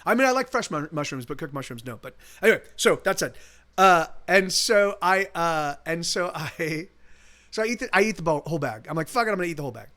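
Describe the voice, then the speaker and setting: A man's voice: on the high side, lively intonation, fairly quick, pushed and bright. A male musician streaming live, telling a rambling, casual story full of restarts and swearing, with faint guitar behind.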